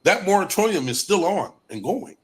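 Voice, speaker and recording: A man's voice: high-pitched, big pitch swings, moderate pace. A man hosting a casual live stream, talking to viewers and repeating his main points for emphasis.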